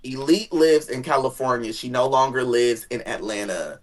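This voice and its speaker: A guest chatting casually about family drama, animated, jumping into high dramatic tones and swearing freely. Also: normal speed. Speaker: guest sharing family stories. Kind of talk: casual gossip chat.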